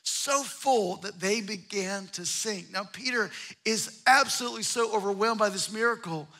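High, bright-voiced preaching man. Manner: emphatic, with repeated phrases and restarts. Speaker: pastor. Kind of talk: sermon.

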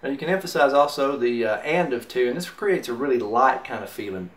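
A man's medium-pitched voice moves fairly quickly with lively intonation as he casually teaches mandolin rhythm and counts beats aloud. Mandolin music plays throughout the roomy, off-mic recording.

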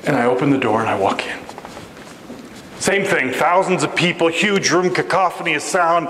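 A man preaching a storytelling sermon in a church sanctuary, his voice sitting on the higher side for a man. He gets animated and slips into other people's voices as he tells the story. The hall's long echo carries every word. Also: a little hiss or hum. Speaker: guest preacher. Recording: echoey church hall with faint ambience.

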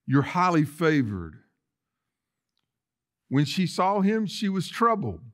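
A man preaching a sermon as lead pastor in a church, swinging from loud declarations to soft asides. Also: fairly high pitch, big pitch swings, slow pace. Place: church sanctuary.

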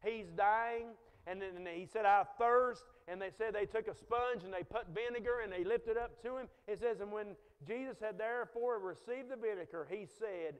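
A man preaching a sermon as pastor, swinging between loud exhortation and hushed quotes. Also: high voice, moderate pace, hardly any pauses, smooth. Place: church sanctuary. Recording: long reverb of a church sanctuary.

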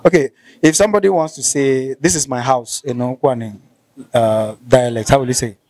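A man's voice: medium pitch, darkish tone. Polite Nigerian male interviewer. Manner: polite, measured, stumbles when improvising. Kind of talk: casual interview questions.

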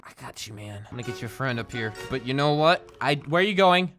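A man's voice: medium pitch, lively intonation, fairly quick, fairly bright tone, soft background music. A man doing comedic, playful gameplay commentary, teasing and giggling as he plays. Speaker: gaming YouTuber.

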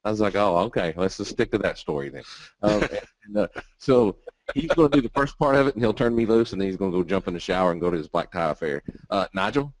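A male webinar host chats in a jokey, casual way. He talks quickly in a fairly low voice. He is heard through a dry computer mic with no room echo. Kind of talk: casual chat.

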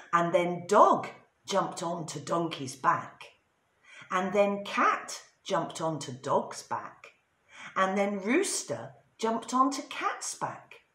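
A woman teaching English to children, reading a story aloud in an expressive, sing-song way. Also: fairly low pitch. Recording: roomy echo.

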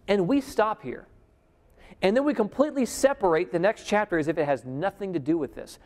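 A man preaching a sermon at a conference. He swings between loud emphasis and a hushed near-whisper, and he keeps asking the audience questions. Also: high voice, lively intonation, fairly quick. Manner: addresses the audience directly with questions. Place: conference hall before a live audience. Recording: long hall reverb.

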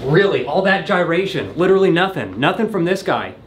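Sarcastic man with a lively, bouncing voice. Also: fairly high pitch, brisk, slight background noise. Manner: sarcastic, roasting the props in mock insults; bursts of laughter and startled yelps. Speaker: comedy YouTuber reviewing products. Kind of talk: comedic product-review vlog.

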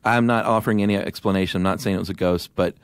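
Deep-voiced man telling a story. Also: racing, clear, resonant tone, no room sound. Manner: animated storyteller with restarts and laughs. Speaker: podcast co-host. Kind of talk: casual chat, storytelling.

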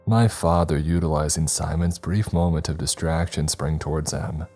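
A man giving a grave, measured, scripted horror narration. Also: rumbling low, fairly even intonation, mellow, slightly rough, soft background music.

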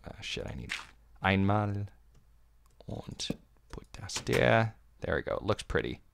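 A man's voice: fairly low pitch, big pitch swings, unhurried, vocal fry, fairly bright tone, slight background noise. A man streaming a game and chatting playfully, swearing freely and cooing baby talk. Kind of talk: casual live-stream chat. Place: home.

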